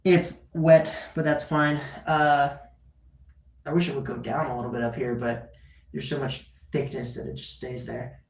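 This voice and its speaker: A woman's voice: very deep voice, steady tone, a little slow, gravelly, darkish tone, slight background noise. A woman livestreaming from her phone at home, chatting loosely and rambling, swearing casually as she goes. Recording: echoey room.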